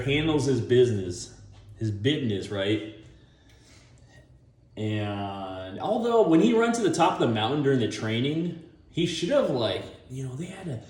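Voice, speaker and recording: A man riffs through a loose, rambling monologue. He keeps chuckling and slips into quick acted-out voices. His voice sits mid-range and bounces around a noticeably echoey room. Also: mid-range voice, darkish tone. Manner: rambling, chuckles often, acts out scenes in voices. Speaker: online video host. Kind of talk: casual movie-pitch monologue.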